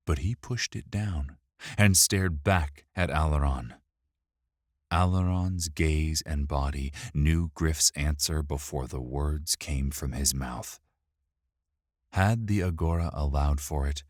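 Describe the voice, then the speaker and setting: A man narrating an audiobook in a measured, steady storytelling voice. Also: a bass voice, no room sound, studio quality. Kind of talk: scripted narration.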